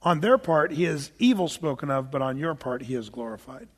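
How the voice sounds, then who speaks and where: A man's voice: fairly high pitch, animated, fairly quick, slightly rough, long reverb tail. A middle-aged male pastor preaching a sermon in a church, reading scripture aloud and talking to his congregation in a conversational, joking way. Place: church sanctuary.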